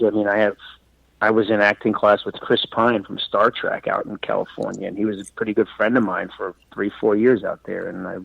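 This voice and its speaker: A man in his forties, a comedian and actor from New York and Florida, telling stories as a podcast guest. He acts out quoted lines loudly and swears freely. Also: lowish voice, gravelly, no room sound. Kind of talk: casual podcast storytelling. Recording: dull, dry sound.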